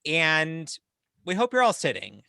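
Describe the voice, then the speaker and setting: A man's voice: a little high, wildly swooping pitch, measured pace, gravelly, sharp tone, clean tone, no room sound. A man co-hosting a comedy podcast, making dry asides and introducing the next reading. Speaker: podcast co-host. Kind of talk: casual comedic chat.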